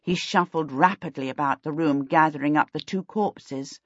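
A woman narrates a storybook aloud as an audiobook reader, calm and steady at a moderate pace. Her voice is deep, and the scripted reading is captured in a dry, slightly dull recording with no room sound.

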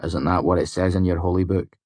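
A deep-voiced reader doing a young man with a wry, measured way of speaking, only slightly raised from the reader's low voice. Dry, close recording. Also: flat delivery, a little mellow, breathy edge, dry recording. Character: wry, solemn young male student. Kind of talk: audiobook character voice.

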